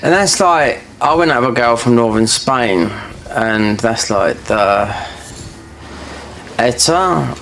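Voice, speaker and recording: A man with a gravelly, creaky voice chats while he plays a game. He drifts from story to story in loose, filler-heavy speech, with faint background sound behind him. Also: medium pitch, lively intonation, slow, fairly bright tone, a little hiss or hum. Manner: rambling, full of fillers and restarts. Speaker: gaming streamer. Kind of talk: casual chat while playing a game.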